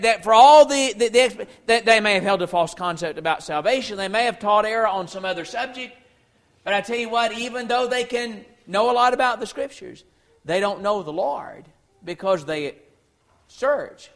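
Guy preaching a sermon, high bright voice, emphatic, repeats words a lot. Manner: emphatic preaching, slowing down for quoted Scripture.

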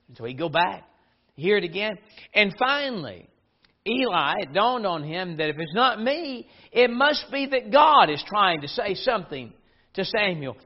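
Guy preaching earnestly, pretty high voice, dull lo-fi church recording. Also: sing-song, moderate pace. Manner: earnest, rising to emphatic declarations. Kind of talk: sermon.

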